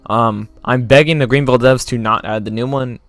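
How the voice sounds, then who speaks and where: A man's voice: medium pitch, brisk, dry recording. Man talking through game cars. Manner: plain, steady walkthrough listing car features. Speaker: gaming channel host. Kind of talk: gameplay commentary. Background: faint background music.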